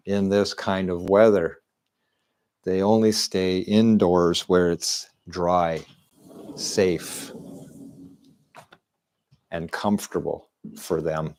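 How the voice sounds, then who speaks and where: A middle-aged man streams from his home into a desk microphone. His voice sits low and his delivery is slow and drawn out. He rambles and repeats himself, restarting his words over and over. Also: a little mellow. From Canada. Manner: rambling and repetitive, with frequent restarts and fillers. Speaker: live streamer. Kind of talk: casual rambling stream monologue. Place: at home indoors.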